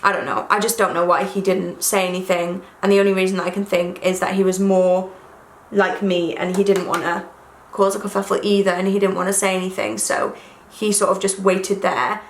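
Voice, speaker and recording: A woman's voice: medium pitch, flat delivery, a little fast, a little hiss or hum. A young woman chatting casually to camera while doing her makeup, rambling and self-deprecating. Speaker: beauty vlogger. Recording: echoey room.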